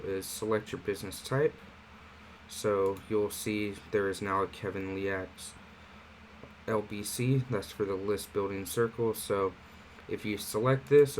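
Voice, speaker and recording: Low-voiced man giving a casual tutorial. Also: slight background noise, rough recording. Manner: relaxed, conversational walkthrough with fillers. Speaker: online marketing platform host. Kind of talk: casual screen-share tutorial.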